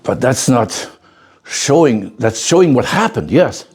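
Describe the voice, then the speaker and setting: Teaching a bonsai masterclass, an older man tells an emphatic story in an unhurried, very animated way. His medium-pitched voice is darkish with a breathy edge. He often starts phrases over, repeats words, and checks in with the class by saying "okay?" again and again.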